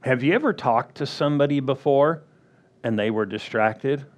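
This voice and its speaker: A man preaching a sermon as pastor, drawing out words and acting out quick playful quotes. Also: mid-range voice. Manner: slow, drawn-out delivery with playful acted-out quotes.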